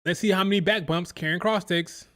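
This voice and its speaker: A man's voice: high-pitched, steady tone, fairly quick, a bit bright. A man hosting a live wrestling watch-along, chatting casually and mimicking crowd chants in a sing-song rhythm. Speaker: live stream reaction host.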